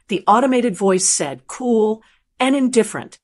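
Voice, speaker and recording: An older woman narrating a first-person family drama story in a calm, measured voice. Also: medium pitch.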